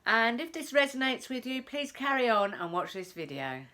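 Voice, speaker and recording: A woman's voice: a little high, sing-song, normal speed, very noisy. A middle-aged woman from the north of England, telling a personal story to camera in a chatty way, often repeating phrases. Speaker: self-help vlogger.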